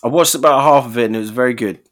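A man's voice: medium pitch, racing. A man in casual podcast chat, dry and hesitant, with plenty of swearing. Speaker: podcast co-host.

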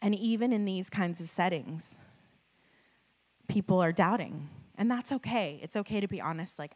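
A woman preacher giving a sermon to a live audience, telling a personal story in a conversational, animated way with frequent laughs and fillers. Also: mid-range voice, normal speed. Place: before a live audience with slides.

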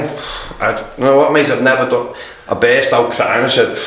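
A man's voice: mid-range voice, fairly even intonation, a little fast, fairly bright tone. A man, a former footballer, telling candid stories as a podcast guest, swearing constantly, laughing through them and tacking "mate" onto his sentences. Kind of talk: candid storytelling in casual chat. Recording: very echoey room.

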